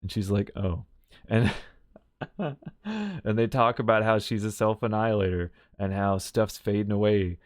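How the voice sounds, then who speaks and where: Low-voiced man rambling through a game recap. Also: a little mellow, no room sound, clean studio sound. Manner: rambling, self-correcting, chuckling. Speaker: video game story commentator. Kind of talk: casual commentary recap.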